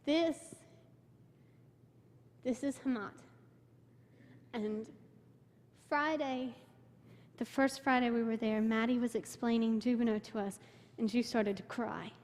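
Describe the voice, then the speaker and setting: Taking it slowly and pausing often, a young woman with a steady, darkish voice on the high side gives a church testimony about a mission trip. She tells it with emotion, voicing quotes from the people she met herself, amid long sanctuary reverb.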